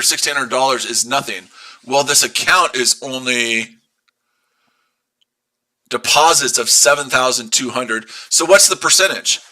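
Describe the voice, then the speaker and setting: A man with a very bright, piercing voice argues at his live-stream chat. He is combative and profane, hammering the same rhetorical questions again and again. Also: medium pitch. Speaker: day trader streaming live.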